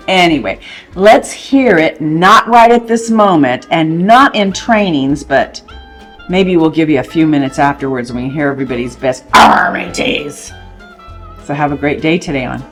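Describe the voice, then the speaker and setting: A woman co-hosting a casual morning show, chatting playfully about the day. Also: low voice. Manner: playful and rambling. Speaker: co-host presenting the national day.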